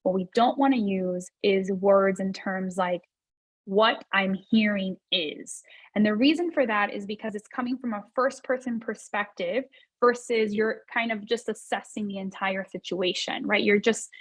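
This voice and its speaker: A woman's voice: mid-range voice, fairly even intonation, moderate pace, no room sound, low-quality recording. A woman leads a business workshop, speaking in a mid-range voice. Her delivery is loose and conversational, with fillers, restarts and points repeated for emphasis. The recording is dry, with no room sound. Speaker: workshop presenter.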